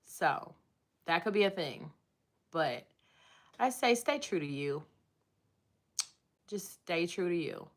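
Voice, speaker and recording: A woman's voice: lowish voice, expressive, slow pace, long pauses. A woman hosting a casual livestream, rambling and chatting as she reads and answers viewer comments from home. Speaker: livestream host. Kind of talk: casual live chat.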